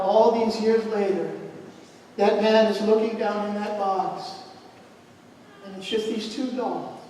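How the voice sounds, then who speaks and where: Pastor guy preaching, high voice, big echoey church, mic way off. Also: darkish tone, slight background noise. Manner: storytelling, rising to emphatic preaching. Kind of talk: sermon. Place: church hall. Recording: echoey hall, mic far off.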